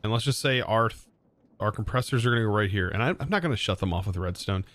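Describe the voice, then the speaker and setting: A man's voice: lowish voice, fast, a bit bright. A young man streaming a game live, thinking aloud in a hesitant way and often correcting himself mid-sentence. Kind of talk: live gameplay commentary.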